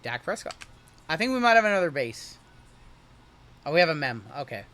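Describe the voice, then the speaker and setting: A young man hosting a live-streamed card break, joking and hyping each pull in rapid running banter. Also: on the high side, sing-song, bright, forceful tone.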